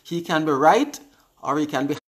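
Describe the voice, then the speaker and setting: Jamaican male host in his forties, high-pitched, chatty and upbeat, reads out viewer comments live. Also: moderate pace. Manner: upbeat, chatty, repeats words, answers comments aloud. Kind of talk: casual live-stream chat, reading viewer comments.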